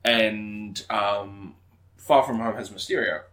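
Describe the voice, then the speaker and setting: A man's voice: fairly low pitch, slow, fairly bright tone. A man co-hosting a podcast in casual chat, rambling and enthusiastic, with frequent restarts and casual swearing. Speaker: podcast co-host.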